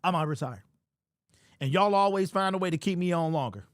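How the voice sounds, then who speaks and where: A young male host of a sports livestream rants fairly quickly, his high-sitting voice animated and exasperated. He's incredulous, repeats himself, and reads super chats from viewers. The audio is dry and studio quality.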